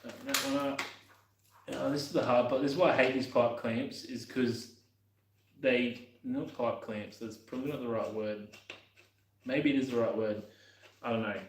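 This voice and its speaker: A man's voice: medium pitch, fairly even intonation, normal speed, pauses often, echoey room, slight background noise, low-quality recording. A young man casually talking while working on his motorbike, rambling and muttering to himself with the odd swear.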